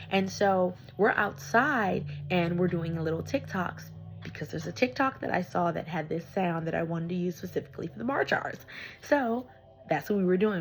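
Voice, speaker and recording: A woman tarot reader chatting animatedly through a casual vlog story, slangy and excited. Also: on the low side, rough recording. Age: adult with young children.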